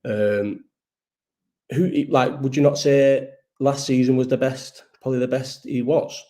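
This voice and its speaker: A man talks to his viewers in a loose, meandering live chat. His voice is dark and mellow, and he sounds tired. He swears freely and keeps breaking off and restarting his sentences. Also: medium pitch, level tone, measured pace. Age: 30s. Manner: rambling, swears a lot, restarts and trails off. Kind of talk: casual chat.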